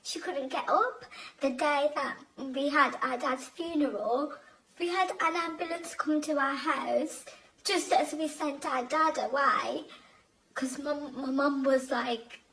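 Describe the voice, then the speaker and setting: Soft-spoken woman, halting. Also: high voice, a little hiss or hum, poor audio. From Bangladeshi family. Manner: emotional, halting, many restarts and "like". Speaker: guest telling her conversion story. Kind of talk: personal storytelling.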